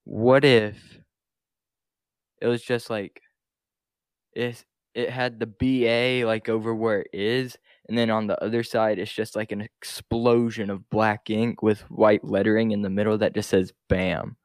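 A young man with a lowish voice, co-hosting a casual podcast in a dry, close-sounding recording. His talk is relaxed and a little hesitant. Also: measured pace, no echo. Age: young adult. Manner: relaxed, hesitant, trailing off with "I guess". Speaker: podcast co-host. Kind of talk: casual chat.

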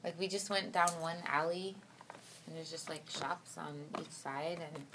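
A woman with a low voice chats casually in a car, relaxed and full of filler "likes". Faint background noise runs under her. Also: unhurried. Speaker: guest, host's wife. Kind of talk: casual chat.

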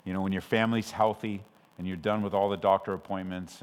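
A man from Southern California preaching a sermon as pastor, conversational with frequent restarts, swelling loud when he quotes scripture. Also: deep voice, level tone, quick pace. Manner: conversational and self-interrupting, with restarts. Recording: long hall reverb.

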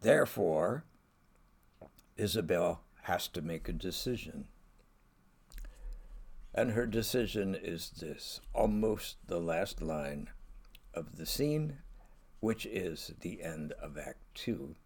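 A man's voice: deep voice, lively intonation, slow pace, long pauses, husky. A man giving a conversational literature lecture, wry in tone and reading quoted lines aloud.

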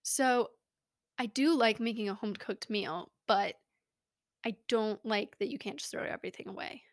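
A woman's voice: medium pitch, normal speed, no echo. A young woman hosting a podcast, rambling in a casual, self-mocking way, recorded close in a small home studio. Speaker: podcast host. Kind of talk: casual chat.

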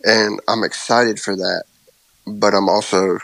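A man in his thirties in a casual faith chat, speaking haltingly and openly about his worries, anxious. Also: fairly low pitch, fairly even intonation, creaky, fairly bright tone, no echo, poor audio. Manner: halting, open about worry. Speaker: co-host.

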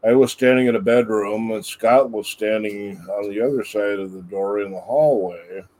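A man's voice: lowish voice, moderate pace, a little mellow, rough recording. A man who is a co-founder and guest, chatting casually with short, dry replies. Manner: dry, curt. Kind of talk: casual chat.

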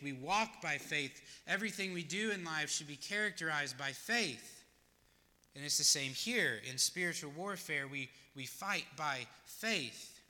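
A man's voice: fairly high pitch, bright, forceful tone, long reverb tail. A male pastor preaching a sermon, earnest and plain-spoken, often asking his listeners questions.

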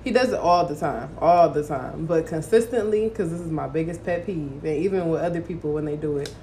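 A woman in casual group chat, telling stories in an animated, profane way. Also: deep voice, fairly quick, slight background noise. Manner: animated storyteller, swears freely.

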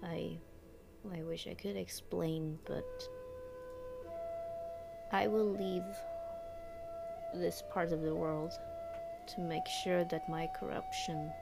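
Woman putting on a haunted, aloof ex-nun; halting broken English, low gravelly voice. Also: huge pitch swings, exaggerated voice. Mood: solemn. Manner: broken English with a put-on accent; halting, hesitant, slow. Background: music.

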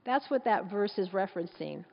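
A woman's voice: medium pitch, animated, moderate pace, creaky. Emphatic woman preacher in an echoing hall. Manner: emphatic, conversational, rhetorical questions. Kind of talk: sermon. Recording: dull sound in a big echoing hall.

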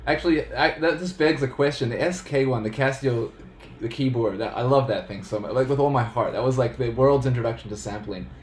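A man's voice: medium pitch, brisk. A man hosting a casual interview, asking questions with eager, fan-like enthusiasm. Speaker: interview host. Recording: echoey room with faint noise.

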